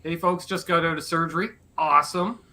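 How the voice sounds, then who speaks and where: A man hosting a live stream Q&A chat, quickly and jokingly reading out viewer names. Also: a little high, fairly even intonation, crowd noise. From Canada. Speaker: host.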